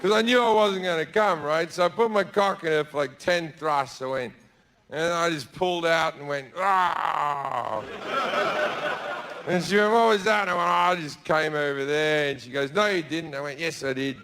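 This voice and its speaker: A man's voice: fairly high pitch, fairly quick, slight background noise. Brash stand-up man, crude storytelling. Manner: crude, brash, deadpan asides with shouted put-on voices. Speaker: stand-up comedian. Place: theatre stage before a laughing audience.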